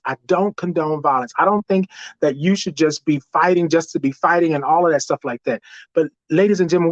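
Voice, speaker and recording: A man with a Houston accent who hosts a show, giving a preachy, animated monologue and playing out both sides of a dialogue himself. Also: fairly high pitch, no echo, lo-fi sound. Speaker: host. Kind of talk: motivational monologue.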